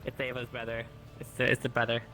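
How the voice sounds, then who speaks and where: A man's voice: medium pitch, monotone, fast, poor audio. A man playing in a tabletop game, talking hesitantly with many fillers. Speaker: player. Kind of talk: tabletop role-play chat.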